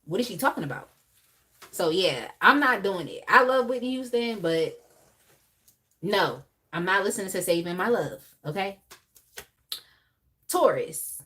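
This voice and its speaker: Animated woman chatting on a live stream. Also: medium pitch, unhurried, pauses often. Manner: animated, laughing, chatty asides. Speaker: tarot reader hosting a live reading. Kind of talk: casual live-stream chat.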